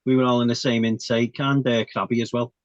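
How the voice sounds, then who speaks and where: A man's voice: medium pitch, little pitch movement, a little fast, no room sound. A man, a guest on the show, telling his army story in casual chat. He laughs often, swears, and keeps asking "you know what I mean". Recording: dull, dry recording.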